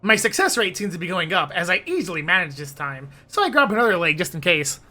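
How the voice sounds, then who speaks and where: A woman's voice: fairly low pitch, sing-song, fast talker, bright, forceful tone, faint music behind. A woman streamer narrating a visual novel read-along with a giggly, playful, chatty manner.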